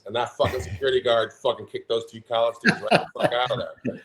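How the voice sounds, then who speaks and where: A man in his forties talks in a casual podcast chat, swearing constantly and building his stories with heat. His pitch sits right in the middle for a man. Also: fairly even intonation, fast, a bit bright. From Omaha, Nebraska. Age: 40s. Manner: profane, heated storytelling. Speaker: podcast co-host.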